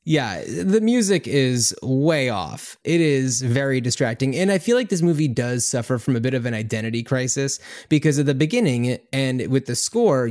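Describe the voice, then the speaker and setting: A man's voice: medium pitch, a little mellow. A man co-hosting a casual film-review podcast, rambling with lots of fillers and hedges. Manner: rambling, hedging, many fillers. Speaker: podcast co-host.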